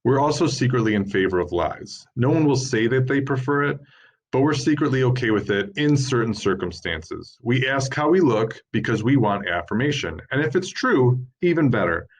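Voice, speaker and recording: A man's voice: medium pitch, expressive, normal speed, husky. A man in his thirties giving an informal lecture at a workshop, explaining points steadily and listing them one by one as he reads from slides. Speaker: workshop presenter.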